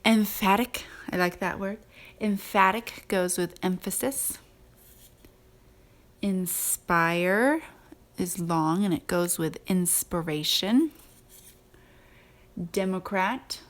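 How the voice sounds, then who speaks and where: A woman teacher giving a recorded spelling lesson, patiently sounding out words and sorting them aloud. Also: lowish voice.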